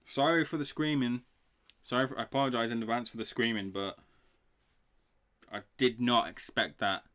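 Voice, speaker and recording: Excitable young man reacting live. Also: mid-range voice, normal speed. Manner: excitable, swears freely, talks to chat. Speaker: livestream boxing reaction host.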